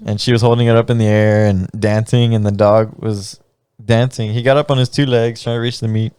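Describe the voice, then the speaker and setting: A man's voice: on the low side, level tone, fairly quick, a little mellow, clean tone, dry recording. Laughing man telling mariachi stories. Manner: laughs often, rambling storytelling with many fillers. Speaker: podcast co-host. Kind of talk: casual chat.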